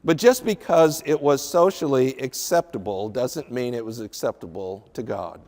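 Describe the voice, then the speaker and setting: A man teaching a sermon as a Bible teacher, slow and deliberate with emphatic pauses. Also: mid-range voice, darkish tone, in a large hall. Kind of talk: radio sermon.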